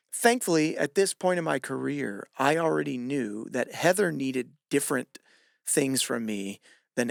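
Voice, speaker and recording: Male gymnastics coach hosting, tells stories w/ lots of energy, gravelly voice, dry close mic. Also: mid-range voice, no echo. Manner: animated, acts out shouted quotes. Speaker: podcast host and gymnastics coach. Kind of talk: casual storytelling chat.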